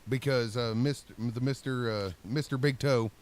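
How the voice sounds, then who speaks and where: A man's voice: medium pitch, fairly even intonation, moderate pace, darkish tone. A man telling a long story in casual podcast chat, rambling and acting out what people said. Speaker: podcast co-host.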